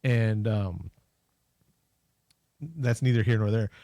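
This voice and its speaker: A man co-hosting a podcast, casually recapping a movie plot with jokes and quick acted-out lines. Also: lowish voice, mellow, no room sound. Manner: jokey, acts out scenes in quick voices. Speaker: podcast co-host.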